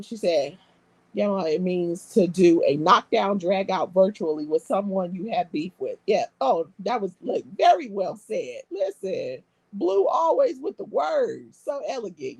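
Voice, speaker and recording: Brash gravelly woman hosting a live stream. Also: mid-range voice, darkish tone, no room sound. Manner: brash, streetwise, profane banter with laughter. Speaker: live stream host reading comments. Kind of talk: casual live-stream chat.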